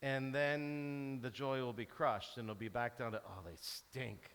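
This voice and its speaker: A man's voice: mid-range voice, measured pace, clear, resonant tone. A man preaching a sermon as pastor, telling stories and acting out the cheers and groans of a sports fan. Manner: animated storytelling, acts out cheering and groaning. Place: large church hall. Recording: hall reverb from a church.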